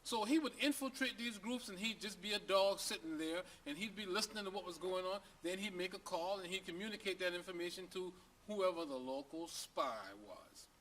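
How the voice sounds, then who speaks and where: A man's voice: high voice, fairly quick, hardly any pauses, fairly bright tone. A man telling a joke story to camera in a folksy, conversational way, often asking the listener questions.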